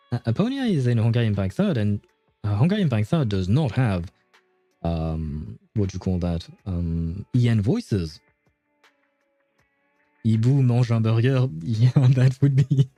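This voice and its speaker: A man's voice: fairly low pitch, warm tone, dry recording. A man streaming a game, chatting casually with his viewers, rambling and enthusiastic with many fillers. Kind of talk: casual livestream chat answering viewers.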